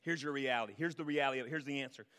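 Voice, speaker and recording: A man preaching a sermon as a pastor, swinging between loud emphasis and hushed, low-voiced reflection. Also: very fast, smooth, long reverb tail. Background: band music.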